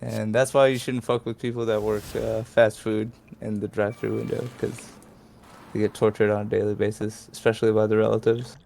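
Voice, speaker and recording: A man's voice: fairly low pitch, little pitch movement, brisk, vocal fry, darkish tone, slight background noise. A man telling a story in a laid-back, profane way, full of "like" fillers. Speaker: podcast storyteller. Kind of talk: casual storytelling.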